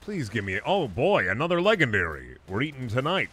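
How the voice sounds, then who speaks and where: A man's voice: medium pitch, wildly swooping pitch, fairly quick, pushed and bright, breathy edge. A young man streaming a game, joking crudely with his chat and muttering asides as he plays. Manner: muttered asides while playing. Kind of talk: casual gaming stream commentary.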